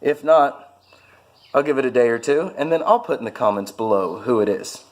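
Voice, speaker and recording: A man's voice: mid-range voice, lively intonation, moderate pace. A man talking casually to camera about his hobbies, rambling and self-mocking, with many fillers. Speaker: vlogger showing his hobbies.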